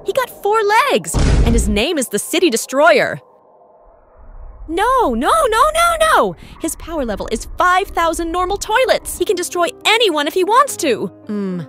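High, wildly swooping excited woman. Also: normal speed, few pauses, faint music behind. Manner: dramatic gasping exclamations, swooping from squeals to low murmurs. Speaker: reaction video host. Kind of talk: excited reaction commentary.

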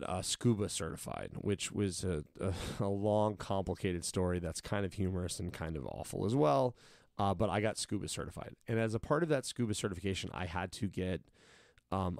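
A man's voice: sits low, brisk, gravelly, no room sound, clean studio sound. A man coaching fighters, telling long casual stories and acting out what he and others said. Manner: animated, acts out quotes of himself and others. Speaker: combat sports coach. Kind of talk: casual storytelling in an interview.

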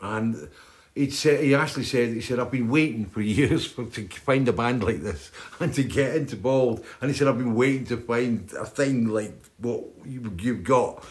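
A man's voice: medium pitch, moderate pace. An older man, hosting and telling stories in a rambling, chatty way, often tagging on "right?". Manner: chatty, keeps adding "right?". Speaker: host. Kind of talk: rambling storytelling chat.

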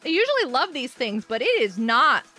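Young woman game streamer, high bright voice, giggly and bouncy, bit of music behind. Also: very animated, normal speed. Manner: giggly, playful, sounds out words. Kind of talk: casual game stream chat.

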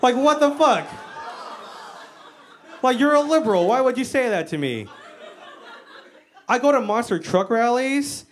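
An American woman works a stand-up crowd on a live stage, her voice sitting high for a woman. She is brash and profane, and she mocks herself between punchlines. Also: lively intonation, a little slow, pauses often, slight background noise. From United States. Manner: brash, profane, self-mocking, jumps into mock voices. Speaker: stand-up comedian. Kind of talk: stand-up comedy set. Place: comedy stage before a live audience.

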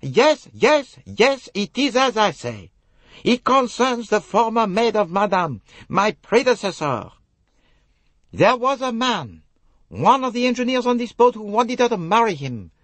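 A man voicing an excitable, emphatic young female lady's maid in an audiobook. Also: sits high, unhurried, no echo, pitched above the performer's own voice, exaggerated voice. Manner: emphatic, insistent. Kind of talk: audiobook character voice.

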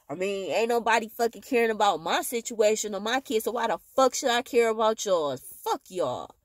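A woman's voice: medium pitch, expressive, normal speed, dry recording. A tired woman venting in a bitter, profane monologue with heavy sighs, talking into her phone. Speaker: vlogger.

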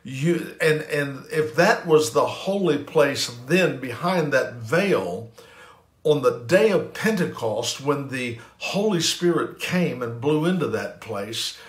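A man's voice: mid-range voice, animated, slow pace, roomy sound. A pastor giving an emphatic sermon, repeating phrases and restarting lines as he preaches.

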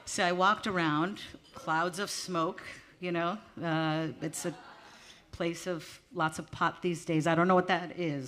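A woman performs stand-up on a small theater stage, speaking into a handheld mic. Her voice sits a little low yet sounds bright and forceful. She chats nervously and pokes fun at herself as she goes. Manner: nervous, chatty, laughing at herself. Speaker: stand-up comedian. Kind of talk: stand-up comedy set. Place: small theater stage before a live audience.

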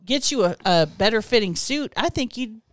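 A woman playing a smug male company boss posing as a customer, talking deadpan and mock-stern in an improvised comedy sketch. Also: on the high side, normal speed, no echo, lightly acted. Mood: frank. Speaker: podcast co-host.

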